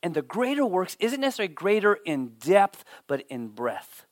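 A man giving a sermon as pastor, telling stories with lively swings and dropping almost to a whisper for emphasis, often repeating words as he starts a sentence. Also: high voice, normal speed, no room sound, studio quality. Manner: animated storytelling, drops to near whisper for emphasis.

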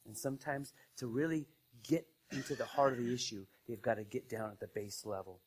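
A man preaching a sermon in an easygoing voice of middle pitch. He talks like he is chatting with the congregation, then punches key lines loudly before falling to a near hush. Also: fairly even intonation, brisk, husky, rough recording. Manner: conversational preaching, swings from loud emphasis to hushed asides. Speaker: pastor.

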